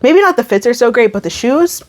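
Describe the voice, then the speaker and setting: A woman's voice: on the high side, lively intonation, fairly quick. Chatty young woman vlogger. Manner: chatty, emphatic, self-interrupting. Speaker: YouTube creator. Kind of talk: casual chat to camera.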